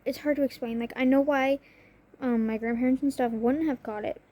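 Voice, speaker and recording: A woman's voice: high voice, fairly even intonation, a little fast, mellow. Rambling young woman vlogging, light voice. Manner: rambling, self-interrupting, frequent "like" fillers. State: coughing. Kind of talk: personal confessional talk.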